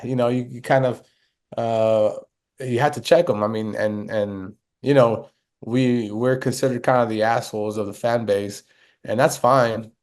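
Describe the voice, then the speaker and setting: A man co-hosting a casual fan podcast. He speaks haltingly, searching for words and leaning on fillers and restarts. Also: mid-range voice, a little mellow. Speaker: podcast co-host.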